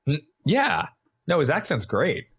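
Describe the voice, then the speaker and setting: A man's voice: a little high, wildly swooping pitch, a little slow, fairly bright tone, breathy edge. A man guesting on a podcast as a voice actor, easygoing and self-deprecating, laughing along. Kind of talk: casual podcast chat.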